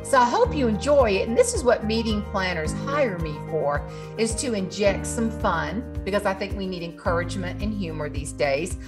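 A woman of middle pitch introduces her video, talking straight to the viewer. Music plays clearly beneath her voice the whole time. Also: expressive, moderate pace. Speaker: professional speaker and singer. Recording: music playing underneath.

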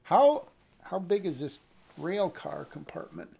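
Gravelly man musing over a script. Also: high-pitched, big pitch swings, takes it slowly, dark tone. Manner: musing, thinking aloud with hesitant restarts. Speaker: script reader and critic. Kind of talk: live-streamed script reading with commentary.

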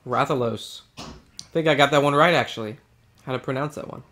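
A man with a mid-range, sharp voice talks briskly while playing a video game with a friend. The chat is casual and playful, full of jokes, teasing, and mock-regal bits.

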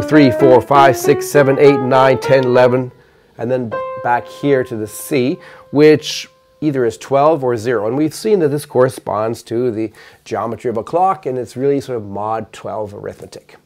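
An older man giving a measured, explanatory math lecture, counting notes aloud while playing piano. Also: mid-range voice, a little mellow.

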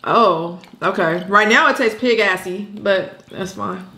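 A woman's voice: mid-range voice, measured pace. Playful woman in an echoey room. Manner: animated, playful, laughing. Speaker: co-host of a mukbang channel. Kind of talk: casual chat while eating.

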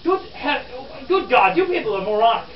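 A man's voice: very high-pitched, very animated, normal speed. A man in character as a lecturing 1860s newspaperman, talking theatrically to a crowd of visitors. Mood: mocking, theatrical. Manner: theatrical, scornful, calls listeners "friends". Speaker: living history interpreter. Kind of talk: in-character living history talk to visitors. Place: outdoor historic park program. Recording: distant, roomy, dull camera audio.

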